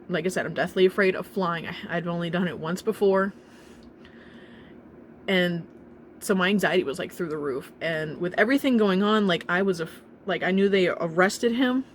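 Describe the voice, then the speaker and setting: A young woman telling a painful personal story in a halting, emotional way, with nervous laughs and restarts. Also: mid-range voice, a little hiss or hum. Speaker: vlogger telling her own story.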